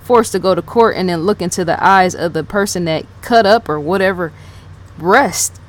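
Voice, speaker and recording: Speaking at a moderate pace in a lowish voice, a female channel host rambles through unscripted, casual commentary. She keeps rereading her notes out loud and going over the same points, peppering it all with "yes," "right?" and "in fact."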